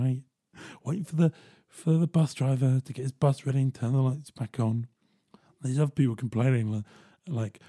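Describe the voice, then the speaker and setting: A man hosting a podcast, telling a story in a chatty, animated way and jumping into quick voiced asides. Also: medium pitch, breathy edge, no room sound, studio quality. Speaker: podcast host. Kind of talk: casual storytelling monologue.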